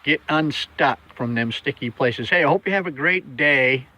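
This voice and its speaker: Blunt, bright-voiced motivational man. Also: mid-range voice, normal speed, poor audio. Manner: blunt, plainspoken, folksy. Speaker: motivational vlogger. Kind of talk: casual motivational talk.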